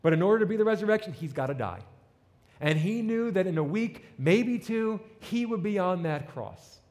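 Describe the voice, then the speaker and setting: A pastor with a fairly high, darkish voice tells a story dramatically during his sermon, acting out its voices. He builds to emphatic peaks, and long hall reverb surrounds his words.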